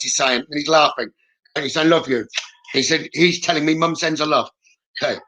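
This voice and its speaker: A man's voice: a little high, brisk, pushed and bright, poor audio. A man working as a psychic medium in a live reading, relaying messages in a reassuring way and often checking in with "okay?". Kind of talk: live-streamed spirit reading.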